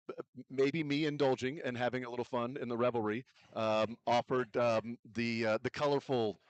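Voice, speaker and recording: A man's voice: medium pitch, fairly even intonation, moderate pace, no room sound, dull audio. A man hosting a sports radio show, telling a story in a casual, rambling way with lots of "uh" and "um" fillers, recorded on a studio microphone.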